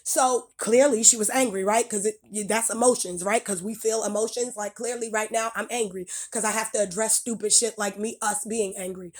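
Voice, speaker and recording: A woman's voice: mid-range voice, fairly even intonation, fairly quick, few pauses. A woman in a video reaction, ranting bluntly and profanely and hammering her points with repetition. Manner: blunt, profane, emphatic, repeats phrases. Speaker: video creator reacting to clips. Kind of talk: heated reaction rant.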